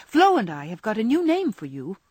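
A woman reading aloud and voicing a sharp-tongued young woman who lectures earnestly and frankly. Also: a little high, huge pitch swings, fairly quick, breathy edge, no echo, heavily acted. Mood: earnest scolding. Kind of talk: audiobook character reading.

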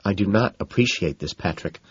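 A whiny, coy young woman of high society, as a male reader puts her on. Her voice rises and falls in a lively way and sounds a little husky. The audio is slightly muffled. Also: fairly quick, no room sound. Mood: annoyed. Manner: whining, coy. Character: whiny, put-upon young woman socialite.

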